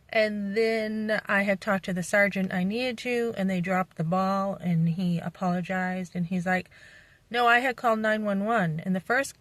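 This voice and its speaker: A woman's voice: mid-range voice, dry recording, low-quality recording. Middle-aged new england woman in her van, blunt, rambly, lots of ums, phone vlog. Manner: blunt, rambling retelling with fillers. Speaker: vlogger. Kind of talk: casual vlog talk. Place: parked van.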